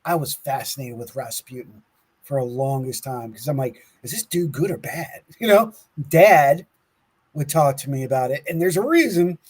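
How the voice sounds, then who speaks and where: A man's voice: on the high side, slightly rough, low-quality recording. A man co-hosting a casual podcast, laughing often and stumbling over words as he reads aloud from his notes. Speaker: podcast co-host. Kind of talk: casual conspiracy podcast talk, reading from notes.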